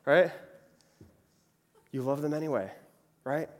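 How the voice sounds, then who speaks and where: Brief: young male preacher, casual sermon, slightly high voice, long hall reverb. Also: moderate pace, pauses often, darkish tone. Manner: chatty, frequently asks "right?". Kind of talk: conversational sermon.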